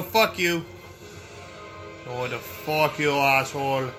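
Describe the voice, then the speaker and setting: A man giving profane, excitable let's play commentary, muttering to himself and yelling when he panics. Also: medium pitch, moderate pace, over music. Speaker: gameplay streamer.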